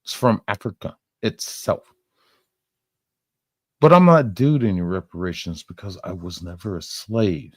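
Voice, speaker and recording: A young man rants at a slow, deliberate pace, his voice sitting a little low. He sounds angry and swears constantly as he reacts to clips. The sound is dry and close, with no room around it. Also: animated, no echo. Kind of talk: profane reaction rant.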